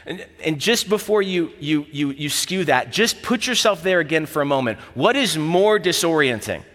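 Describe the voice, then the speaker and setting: A man preaching a sermon as pastor, telling the story vividly with repeated phrases and dropping to a hushed voice at key moments. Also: fairly high pitch, animated, moderate pace, long reverb tail.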